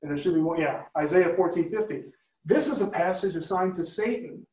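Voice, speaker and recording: A slightly high, slightly mellow male voice moves a little fast, recorded from afar in a roomy setting. The man runs a Bible study in a conversational style, regularly asking his listeners questions to check in with them.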